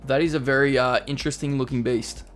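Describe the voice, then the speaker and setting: A man hosts a relaxed live stream. His chatty voice sits mid-range as he reads viewer comments aloud and reacts to them. Faint music plays softly behind him. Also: medium pitch, fast. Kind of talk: casual live-stream chat. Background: faint background music.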